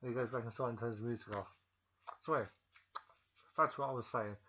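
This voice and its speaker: A man talks through a film's plot in a loose, rambling way, full of ums and self-corrections. He is feeling ill. His voice sits in a middle pitch, and the recording sounds dull and lo-fi. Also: fairly even intonation, quick pace, sharp tone, slight background noise. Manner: rambling, with many ums and restarts. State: feeling ill, pausing to cough. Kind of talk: casual film recap.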